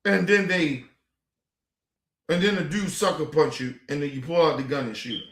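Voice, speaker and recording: A man ranting on his stream, voice pitched a bit high, swearing freely and hammering the same points again and again. The room around him rings with echo. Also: normal speed. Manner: profane, animated, repetitive. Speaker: streamer host. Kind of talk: heated commentary.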